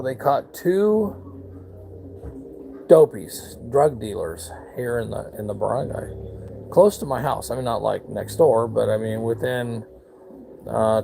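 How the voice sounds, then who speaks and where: A man's voice: medium pitch, normal speed, gravelly, dark tone, slight background noise, poor audio. A man from the United States talking bluntly in a rambling, casual vlog on his back deck outdoors, with lots of fillers and restarts. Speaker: vlogger.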